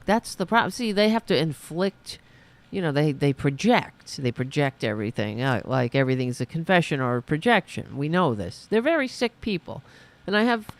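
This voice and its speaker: A woman hosting a political podcast, ranting with sarcasm and outrage, dropping to mutters and rising to shouts. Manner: broad pitch swings from muttering to shouting. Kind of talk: ranting commentary.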